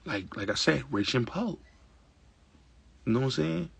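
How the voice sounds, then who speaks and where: A show host with a medium-pitched, gravelly, raspy voice delivers a casual, opinionated monologue at normal speed. He's animated, emphatic and streetwise, repeating his points with plenty of fillers, and the recording is dry.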